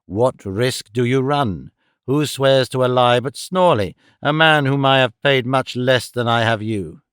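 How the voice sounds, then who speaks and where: A man's voice: medium pitch, measured pace, fairly bright tone, smooth, dry recording, close to an everyday voice. A man reading an audiobook, voicing a cold, domineering older moneylender with a curt, dry and emphatic delivery. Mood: insistent. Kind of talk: audiobook character voice.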